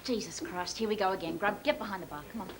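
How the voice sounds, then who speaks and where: An actress playing a sharp-tongued barmaid with an Australian accent, blunt and needling. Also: female voice, mid-range voice, fast talker, background noise, lightly acted. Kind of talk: film drama acting.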